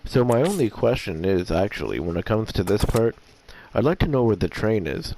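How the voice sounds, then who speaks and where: A man giving rambling, hesitant commentary on a game he plays, often clearing his throat as his voice gets rough. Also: lowish voice, very animated, moderate pace, mellow, a little hiss or hum. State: voice getting rough. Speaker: gameplay commentator. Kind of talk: casual let's-play commentary.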